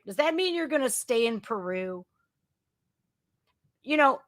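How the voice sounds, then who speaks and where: A woman hosting a casual news commentary podcast, blunt, crude and sarcastic, swinging between loud outbursts and muttering. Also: on the high side. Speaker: podcast host.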